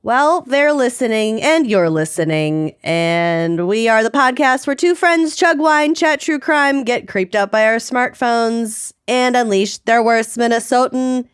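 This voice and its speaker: A woman's voice: on the high side, a little slow, hardly any pauses, clear, resonant tone, no echo, clean studio sound. A woman co-hosting a podcast, bantering in upbeat casual chat. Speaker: podcast co-host.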